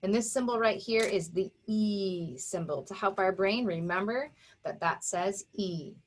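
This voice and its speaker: A woman's voice: mid-range voice, measured pace, slight background noise. A woman teacher giving a reading lesson to young children, patiently sounding out letters and syllables.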